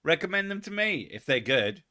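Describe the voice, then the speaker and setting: A man's voice: a little high, very animated, brisk, sharp tone. A young man, hosting a casual comedy chat in a crude, sarcastic manner full of swearing. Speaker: podcast host.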